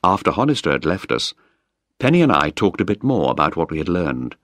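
Low-voiced male audiobook narrator. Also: sing-song, a bit bright, no echo, clean studio sound. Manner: clear, measured storytelling. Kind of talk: graded reader audiobook.

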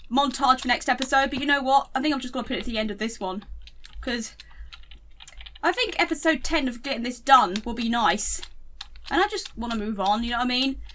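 A young woman rambles through casual gaming commentary, often giggling and talking to herself. Her voice sits high and swings widely in pitch. It has a bright, sharp edge to it. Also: a little hiss or hum. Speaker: gaming channel host.

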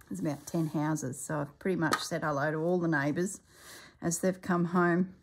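A woman's voice: lowish voice, a little mellow. A woman vlogger chatting casually as she stitches, rambling and talking herself through each step in a murmur. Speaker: crafting vlogger. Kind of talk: casual chat while stitching.

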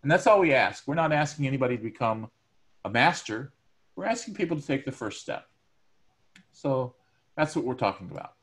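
A man's voice: medium pitch, big pitch swings, a little fast, pauses often, a bit bright. A male teacher giving a recorded lecture to his students, talking conversationally with everyday examples and frequent ums and uhs.

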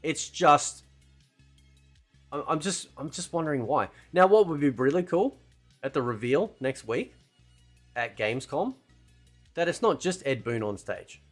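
A man's voice: on the high side, lively intonation, a little slow, long pauses, soft background music. A man giving casual, rambling opinion commentary as a gaming channel host, often tagging "right?" and "man" onto his sentences.

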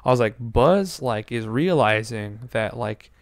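A man in his twenties telling a story in casual chat, animated, swearing often and acting out quotes. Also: medium pitch, measured pace, no echo, studio quality. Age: 20s. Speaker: podcast co-host.

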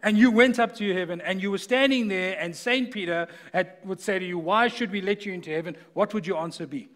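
A man's voice: sits high, brisk. A middle-aged man preaching a sermon in a church, talking conversationally and telling stories with laughs. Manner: conversational, animated storytelling with laughs. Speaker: guest preacher. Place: church sanctuary.

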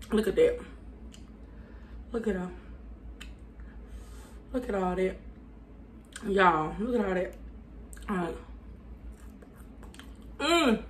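A woman reviewing fast food on her channel. She chats casually with viewers, talks with her mouth full and hums between bites because the food is burning her mouth. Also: mid-range voice, a little hiss or hum. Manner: chatty, addresses viewers as y'all, hums while eating.

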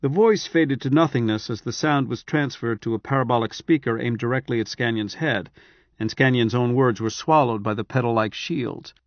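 A man reading a science fiction novel aloud in steady, measured scripted narration. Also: medium pitch, no echo, muffled recording. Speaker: audiobook narrator.

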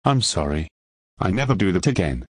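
A text-to-speech voice pitched low to play a whiny male cook pleading not to be yelled at. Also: sing-song, brisk, dry recording, clean studio sound.

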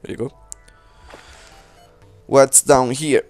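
A man's voice: mid-range voice, steady tone, takes it slowly, a little mellow, no room sound. A young man giving rambling casual commentary while playing a game, talking to himself and swearing at enemies. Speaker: let's play host. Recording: faint game music behind.

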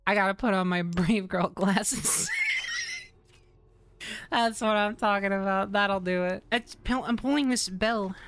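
Jumpy, bright-voiced woman streamer. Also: medium pitch, big pitch swings, slow, no room sound. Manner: jumpy, swears a lot, yells and laughs when startled. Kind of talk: live let's-play commentary.

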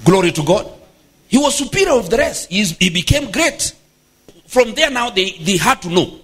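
A bishop preaching a sermon, emphatic and exclamatory, punctuating points with praise shouts. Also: male voice, high voice, husky. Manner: emphatic, exclamatory, frequent hallelujahs.

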